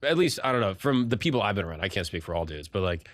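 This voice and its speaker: Man, podcast host, lowish voice, quick pace, laid-back, dry close sound. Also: very animated, fairly bright tone, dry recording. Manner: laid-back, asks follow-up questions. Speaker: podcast host, stand-up comedian. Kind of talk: casual interview chat.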